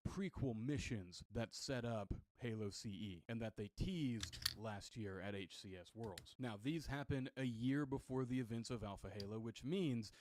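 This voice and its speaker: A man giving an excited trailer breakdown as a video game commentator. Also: mid-range voice, normal speed, few pauses, noisy background. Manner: excited, enthusiastic.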